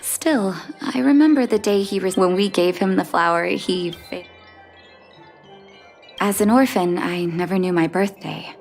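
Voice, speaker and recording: An actress voicing a calm, caring young woman doctor in a game cutscene, speaking in a measured way. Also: lowish voice, creaky, soft background music. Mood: reflective. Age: young adult.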